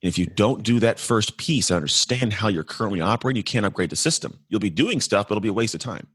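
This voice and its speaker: A man's voice: lowish voice, animated, fairly bright tone, husky, no echo, clean studio sound. A man in his forties from California, a podcast guest telling his life story in an earnest, reflective way. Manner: earnest, reflective, fast-flowing with restarts. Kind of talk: candid storytelling interview.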